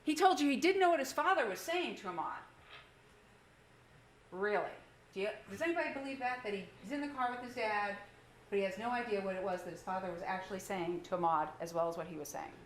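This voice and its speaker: Speaking at medium pitch with a quick pace, a woman prosecutor makes her emphatic closing to the jury, leaning on rhetorical questions. The audio has courtroom echo and a faint background hum of noise.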